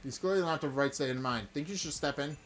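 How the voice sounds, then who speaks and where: A man playing through a visual novel, reading the narration and reacting loudly. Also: on the high side, fast, soft background music. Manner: excitable, loud surprised reactions. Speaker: let's play host.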